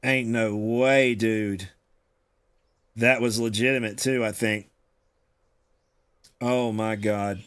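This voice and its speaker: A man's voice: fairly low pitch, fairly even intonation, takes it slowly, pauses often, a bit bright, smooth. A man giving casual gameplay commentary, exasperated and groaning, often repeating himself and swearing. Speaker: gaming streamer.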